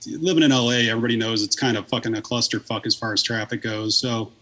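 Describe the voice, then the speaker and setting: A man's voice: medium pitch, fairly even intonation, fast, pushed and bright. A man in his thirties, a podcast guest, telling a long story in casual, rambling talk full of swearing and fillers.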